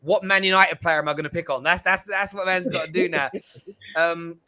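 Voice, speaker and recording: A man hosts a football fan chat show, and his voice sounds bright and forceful. He teases his co-hosts and reads viewer messages in a playful tone. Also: sits high, steady tone, fairly quick. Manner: playful banter, reads out comments. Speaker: host.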